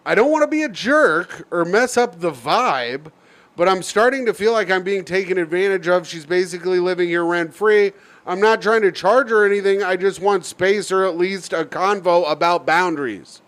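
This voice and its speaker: High-voiced man joking on a podcast. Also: moderate pace, a bit bright. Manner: playful, teasing, reads a listener letter aloud. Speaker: podcast co-host. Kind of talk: casual comedic podcast banter.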